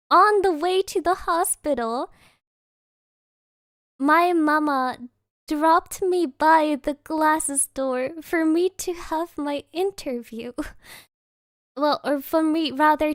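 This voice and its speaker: A woman's voice: sits high, no room sound, studio quality. A young woman VTuber streamer from Germany, telling a story in casual chat, giggling mid-sentence and dropping Japanese interjections.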